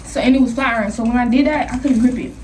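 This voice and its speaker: High-voiced young woman telling a story. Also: very fast. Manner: animated, slangy, laughing storyteller. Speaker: vlogger. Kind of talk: storytime vlog. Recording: somewhat distant mic with faint noise.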